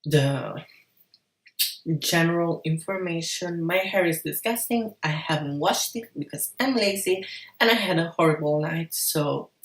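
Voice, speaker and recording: A woman with a fairly low voice talks straight to her viewers in a frank, upbeat vlog. She curses now and then. The sound is roomy, with her a little back from the mic. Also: unhurried, recorded from a distance. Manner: frank, encouraging, casual swearing. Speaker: vlogger. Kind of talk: casual advice vlog.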